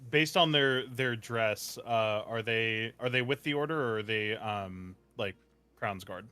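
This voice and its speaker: A man's voice: fairly low pitch, measured pace, sharp tone, clean tone. A man playing a tabletop game, giving polite, brief answers in character. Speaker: player.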